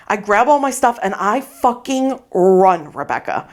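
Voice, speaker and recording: A woman co-hosting a podcast, telling a funny story in casual chat, animated, swearing freely and acting out her own lines. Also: mid-range voice, moderate pace. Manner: animated, swearing, acts out her own quotes, laughs often. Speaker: podcast co-host. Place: podcast recording space.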